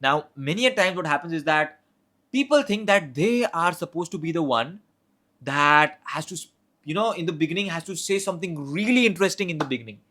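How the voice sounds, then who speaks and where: A man's voice: on the high side, expressive, brisk, bright, forceful tone. Man coaching in a casual lesson. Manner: conversational, repeats and restarts words, demonstrates tones of voice. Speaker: communication coach. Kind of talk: casual instructional talk.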